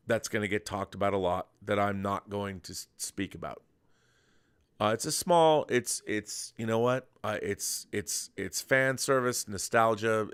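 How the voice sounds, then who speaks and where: A clear, resonant, fairly bright tone marks this middle-aged man's fairly low voice. He hosts a podcast of casual film chat, enthusiastic and rambling with restarts.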